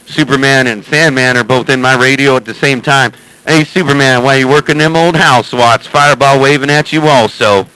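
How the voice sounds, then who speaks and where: A man's voice: medium pitch, steady tone, normal speed, pushed and bright, a little hiss or hum, low-quality recording. A man chatting and joking with other operators over CB radio, calling their handles again and again in a teasing way. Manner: teasing, repeats calls like "hey, Sandman". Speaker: CB radio operator streaming live.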